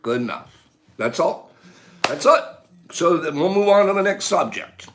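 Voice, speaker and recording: A man hosts a casual morning livestream in a slightly high voice that swings widely up and down. He calls out his viewers by name and slips into a playful mock scolding. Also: normal speed, noisy background. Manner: animated, calls out viewers' names. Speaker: livestream host.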